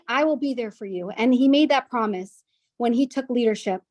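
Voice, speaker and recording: A woman's voice: fairly high pitch, normal speed, darkish tone, dry recording, lo-fi sound. A woman speaking as a guest at a women's gathering, telling a personal family story in an earnest way, often restarting and repeating words. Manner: earnest, with frequent restarts and repetitions.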